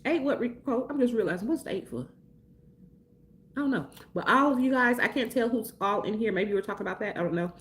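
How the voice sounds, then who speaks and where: A Mississippi woman with a fairly high pitch and lively intonation hosts a casual live stream. She talks fast and jokes around with viewers while recovering from a sore throat.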